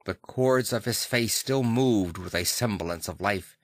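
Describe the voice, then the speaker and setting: A man narrating a classic novel audiobook in a measured, dramatic way on a close microphone. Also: on the low side, no echo.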